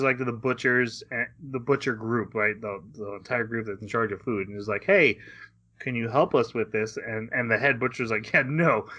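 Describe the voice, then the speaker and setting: A man's voice: mid-range voice, fairly bright tone. A man co-hosting a podcast, casually retelling an anime episode in a rambling way, acting out lines and laughing. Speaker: podcast co-host. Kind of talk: casual anime recap chat.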